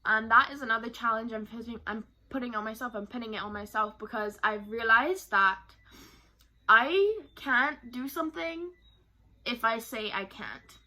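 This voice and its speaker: Young woman chatting to her camera at home, bright voice, kinda rambly and heartfelt. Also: fairly high pitch, normal speed. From Barbados. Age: young adult. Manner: candid, emotional and rambling. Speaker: vlogger. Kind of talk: personal talk to camera.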